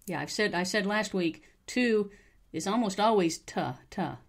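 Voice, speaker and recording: An American woman with a mild Southern accent, hosting a podcast pronunciation lesson, repeating phrases slowly and carefully for learners to copy. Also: mid-range voice. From United States. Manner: slow, careful modeling of phrases, repeated for practice. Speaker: English teacher, podcast host.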